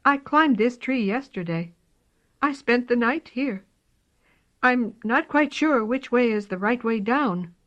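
A woman's voice: on the high side, lively intonation, takes it slowly, fairly bright tone, voice pushed up. A woman voicing a small, frightened young male kitten in a storybook, with a thin, shaky, pleading voice. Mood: polite, timid. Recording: dull lo-fi recording.

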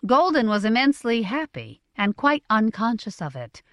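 Brief: woman audiobook narrator, expressive, animated pitch, dry close recording. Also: no echo. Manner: measured, expressive reading. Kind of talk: scripted narration.

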